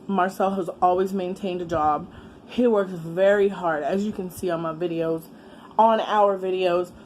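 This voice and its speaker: A middle-aged woman, chatting casually as a vlogger while eating, exclamatory and quick to laugh. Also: medium pitch, a little mellow, slight background noise. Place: home, with a fan running.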